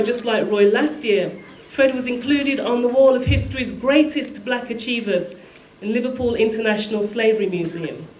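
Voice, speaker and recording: A woman's voice: a little high, darkish tone. Woman reading a tribute in a hall. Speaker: tribute speaker. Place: large hall at a live event. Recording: echoey hall with faint music.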